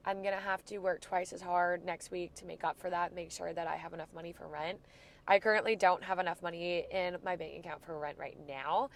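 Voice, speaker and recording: A woman in her twenties from Florida with a stuffy nose from a cold, talking through a reflective, rambling weekly diary check-in for her vlog. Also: on the low side. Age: 20s. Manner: reflective, rambling, soft-spoken. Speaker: vlogger.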